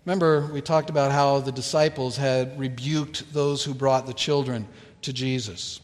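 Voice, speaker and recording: A man preaching a sermon, telling a Bible story in a slow, deliberate way with dramatic pauses. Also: medium pitch, steady tone, big-room sound. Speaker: pastor.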